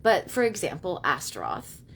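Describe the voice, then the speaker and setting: Low-voiced woman chatting fast on a livestream. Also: wildly swooping pitch, vocal fry, a little hiss or hum. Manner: fast, chatty, many fillers like "you know" and "like". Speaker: livestream host and witch. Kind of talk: casual live-stream talk. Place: at home.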